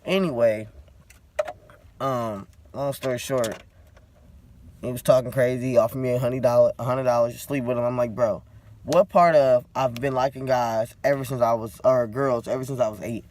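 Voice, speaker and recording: A man's voice: mid-range voice, fairly even intonation, moderate pace, a little mellow. A man in a tired, casual vlog rant, talking bluntly and cursing freely as he vents. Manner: blunt, profane, venting. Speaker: vlogger.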